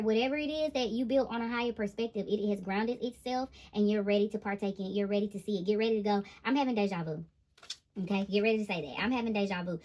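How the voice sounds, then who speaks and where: A woman giving a casual, animated tarot reading to camera, often giggling and laughing. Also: mid-range voice. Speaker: tarot reader.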